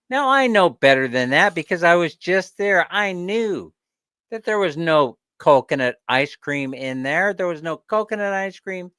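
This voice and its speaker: A man hosting a casual livestream chat, ranting with animated energy and laughing often. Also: on the high side, moderate pace, clear, resonant tone, no echo, clean studio sound. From not from the Philippines. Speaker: livestream host.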